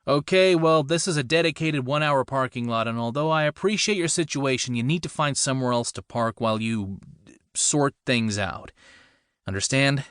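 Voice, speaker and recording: A man voicing a patient, kind police officer who speaks with measured, calm authority. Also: medium pitch, smooth, dry recording, studio quality, pitched above the performer's own voice, lightly acted.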